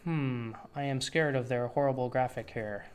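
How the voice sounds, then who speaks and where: A man's voice: mid-range voice, normal speed, smooth. A man giving a casual screen-share web tutorial, thinking aloud with offhand, dry sarcastic asides. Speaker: web developer teaching a tutorial.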